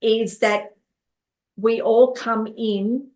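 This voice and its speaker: A woman's voice: fairly high pitch, steady tone, very slow, darkish tone. A woman life coach telling stories from her life in an interview, repeating words and acting out what others said. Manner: repeats words, acts out quoted dialogue. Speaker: life coach and therapist guest. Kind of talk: storytelling in an interview.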